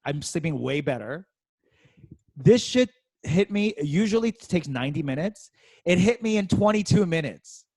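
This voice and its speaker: Animated laughing man telling a story. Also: on the high side, normal speed, dry recording. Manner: animated, laughs often, acts out quotes in exaggerated voices. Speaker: comedy podcast co-host. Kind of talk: casual chat, storytelling.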